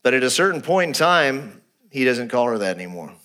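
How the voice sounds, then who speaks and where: A male pastor delivering a sermon in a bright, clear voice. He explains scripture and slips into quoted speech, lifting or dropping his pitch for effect. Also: fairly quick. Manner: expressive preaching, acting out quoted lines with shifting pitch.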